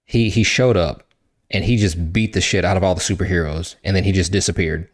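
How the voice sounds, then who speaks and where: A man hosting a podcast, casually retelling a comic book story in an animated way, swearing and acting out what the characters say. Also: deep voice, brisk. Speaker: podcast host.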